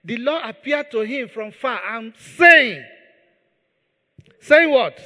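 A male pastor delivers a sermon in a very high, bright voice and takes his time over each phrase. He stresses and repeats key words. His voice rings with long reverb through the hall. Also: expressive, slow pace. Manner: emphatic, repeats key words, leads the congregation in prayer.

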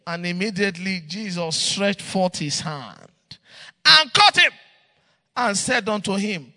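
A male pastor preaching and leading fervent prayer, often shouting and repeating each line. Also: high-pitched, lively intonation, measured pace, in a large hall.

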